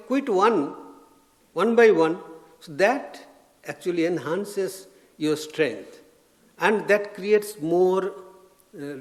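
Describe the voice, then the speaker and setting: A man, a swami, giving an informal spiritual talk, gentle and anecdotal with frequent restarts. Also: fairly high pitch. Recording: long reverb of a lecture hall.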